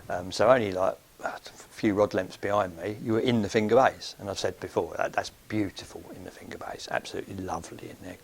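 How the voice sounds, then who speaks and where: Gravelly low-voiced man telling stories. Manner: rambling, chatty, with many ums and "sort of". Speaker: podcast host. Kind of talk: anecdotal storytelling.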